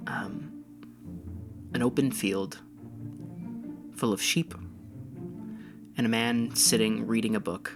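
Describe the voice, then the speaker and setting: A woman's voice: a bass voice, fairly even intonation, slow pace, long pauses, music in the background. A woman narrating as game master of a tabletop game, rambling and hesitant, with many fillers.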